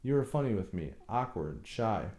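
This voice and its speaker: A man's voice: lowish voice, sing-song, moderate pace, a little mellow, echoey room, dull audio. Man voicing a brooding tormented husband. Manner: brooding, bursts into bitter anger.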